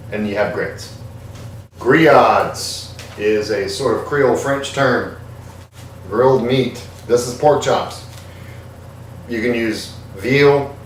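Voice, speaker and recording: A man hosting a comedic home cooking show in his kitchen, with irreverent, deadpan asides. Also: medium pitch, very echoey, distant mic, a little hiss or hum.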